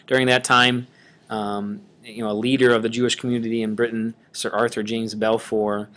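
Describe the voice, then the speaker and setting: A man's voice: mid-range voice, level tone, normal speed, a bit bright. A man teaching a history lesson in a casual screencast lecture, talking loosely while pointing things out on a map. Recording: voice-over on a screencast.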